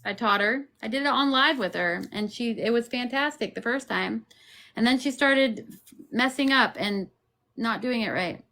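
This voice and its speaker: Loud high bright woman on a phone stream. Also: normal speed. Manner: loud-talking, jokey. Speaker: livestream host. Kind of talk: casual livestream chat. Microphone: phone set far back.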